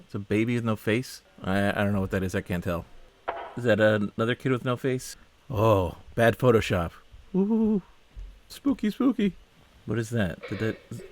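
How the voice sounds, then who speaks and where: A man with a slightly low voice talks through a film in casual reaction commentary. He comes across as baffled and increasingly fed up. He keeps asking what he is looking at and often breaks off mid-sentence to start again. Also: moderate pace, a little hiss or hum. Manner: puzzled, exasperated, asks many questions; trails off and restarts mid-sentence.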